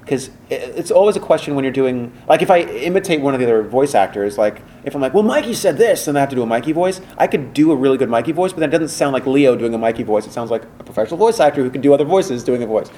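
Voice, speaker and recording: A man being interviewed as a voice actor, chatting casually and telling animated stories with acted-out quotes and many fillers. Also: mid-range voice, quick pace, hardly any pauses, a little hiss or hum. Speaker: voice actor guest.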